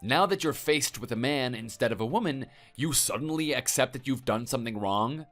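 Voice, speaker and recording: A man's voice: mid-range voice, lively intonation, brisk, a bit bright, soft background music. A man voicing a stern husband in a text message story, lecturing and threatening.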